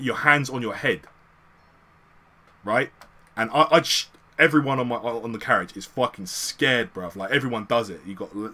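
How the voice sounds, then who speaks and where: Bright-voiced British man telling a story. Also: medium pitch. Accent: British English. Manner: slangy, swearing, animated retelling. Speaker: streamer. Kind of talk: casual storytelling.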